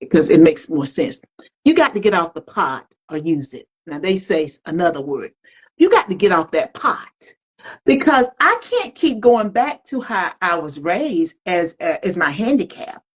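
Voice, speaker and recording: A woman's voice: lowish voice, moderate pace, slightly rough, poor audio. A middle-aged woman co-hosting a podcast, talking candidly and colloquially, reflecting openly in casual chat. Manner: animated, colloquial, self-reflective. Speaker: podcast co-host. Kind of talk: candid conversational talk.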